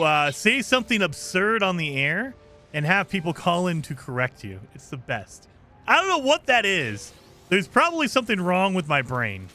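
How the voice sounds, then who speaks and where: Lively, bright-voiced male game streamer. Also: high voice. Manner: joking, teasing, laughs often. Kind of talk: casual live commentary while playing.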